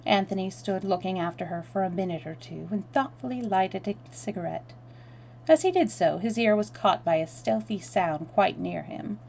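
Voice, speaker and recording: A woman's voice: medium pitch, gravelly, a little mellow, a little hiss or hum, low-quality recording. A woman reading a novel aloud on a live stream, with chatty asides to her viewers. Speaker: storytelling streamer.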